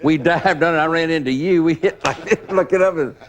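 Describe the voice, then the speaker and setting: A man's voice: a little high, a little fast. An older man, a former bodyguard, reflecting on the past and chiming in on shared stories. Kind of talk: candid reminiscing interview.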